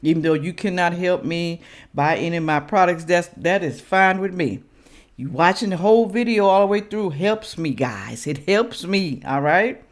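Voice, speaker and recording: A woman's voice: lowish voice, animated, moderate pace. A woman hosting a reaction vlog, preaching emphatically to viewers and sniffly from sinus trouble. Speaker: reaction channel host. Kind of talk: casual direct-to-camera commentary.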